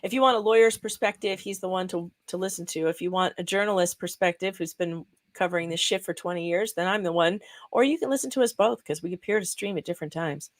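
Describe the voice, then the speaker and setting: A woman's voice: on the low side, quick pace, hardly any pauses, no echo. A woman journalist speaking as a guest on a casual live stream. She is blunt and outspoken and swears freely. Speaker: journalist and commentator.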